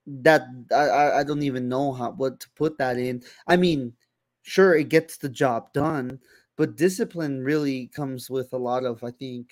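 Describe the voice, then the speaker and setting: A young man with a gravelly, fry-edged voice chats casually as a podcast co-host. He talks loosely and swears a lot, full of "like" and "you know". The sound is dry and close. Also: mid-range voice, a little mellow, no room sound. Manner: loose, heavy swearing, many fillers and restarts. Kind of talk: casual chat.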